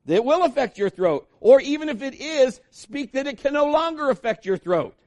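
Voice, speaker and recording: A man's voice: extremely high pitch, lively intonation, normal speed, darkish tone. A man preaching a sermon as pastor, emphatic and repetitive, acting out quoted voices.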